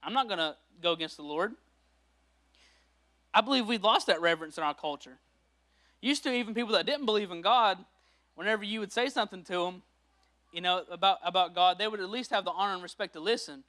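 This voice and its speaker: Male pastor, high bright voice, lively storytelling sermon delivery. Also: quick pace. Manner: animated storytelling, acts out quoted voices.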